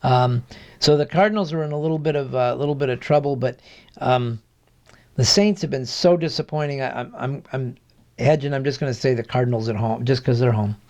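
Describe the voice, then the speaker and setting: A man as a guest sports analyst in a casual picks chat, measured and hesitant, with many restarts. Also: mid-range voice, dark tone, lo-fi sound.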